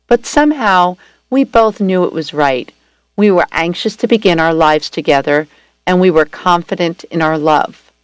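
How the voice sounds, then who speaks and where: A woman reading a first-person story aloud at a steady, gentle storytelling pace. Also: fairly low pitch, clean tone, dry recording. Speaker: story reader.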